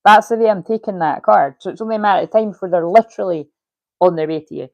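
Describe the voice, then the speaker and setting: A woman's voice: medium pitch, fast, creaky, no room sound, lo-fi sound. A woman giving a casual livestream tarot reading, chatty, swearing freely and laughing often. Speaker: tarot reader.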